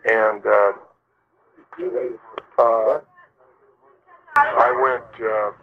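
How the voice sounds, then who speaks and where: A man's voice: fairly low pitch, steady tone, drawn-out words, vocal fry, noisy background. An older man, a former ballplayer, telling stories in an interview, rambling with many fillers and restarts. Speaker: former baseball player, interviewee. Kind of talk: storytelling interview. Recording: dull lo-fi recording.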